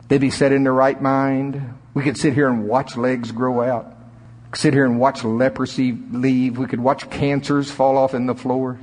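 A man preaching a sermon, with sudden climbs in pitch and slow, drawn-out emphasis. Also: level tone, darkish tone. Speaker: pastor. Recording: echoey hall reverb.

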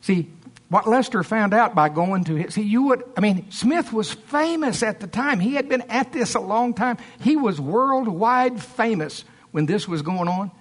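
A man's voice: high-pitched, animated, measured pace. A man preaching a sermon, telling stories with animation and acting out the people he quotes.

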